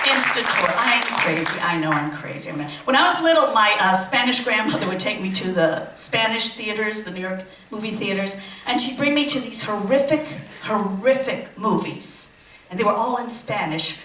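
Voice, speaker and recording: A woman's voice: a little high, expressive, moderate pace, sharp tone, distant mic, a faint crowd. A woman doing a stand-up comedy set, delivering punchy jokes with rhythmic repeated lines. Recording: echoey room, from afar, noisy.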